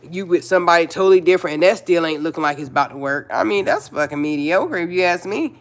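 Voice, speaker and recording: A woman's voice: fairly low pitch, expressive, quick pace. Blunt, chatty woman live-streaming. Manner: chatty, blunt, repeats herself, talks to viewers. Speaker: livestream host. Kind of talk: casual live-stream chat.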